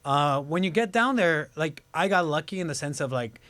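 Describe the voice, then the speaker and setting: A man chatting as a guest actor in an interview, animated and acting out quick impressions as he tells stories. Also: a little high. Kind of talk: casual interview chat.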